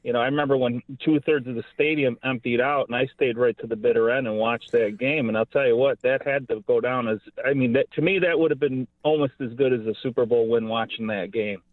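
A man's voice: mid-range voice, fairly quick, few pauses, no room sound. A man in his fifties from Buffalo, calling into a radio show and talking earnestly in a rambling way, full of "you know.". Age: 50s. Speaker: caller. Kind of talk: call-in radio chat. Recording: tinny phone line, dry.

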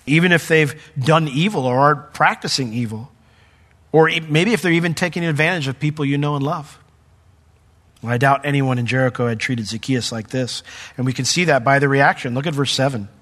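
Man preaching, middle-aged, mid-pitched voice, lively storytelling, soft in the personal parts. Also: a little fast. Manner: animated storyteller, voice jumps up when acting out the crowd; drops to a soft, hushed tone for personal testimony. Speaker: pastor. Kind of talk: sermon.

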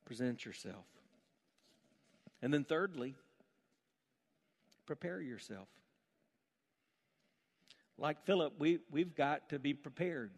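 Fervent high-voiced male preacher. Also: animated, slow pace, pauses often, a little mellow. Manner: emphatic, rising to fervent pleas. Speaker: pastor. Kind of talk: preaching a sermon. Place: church gathering.

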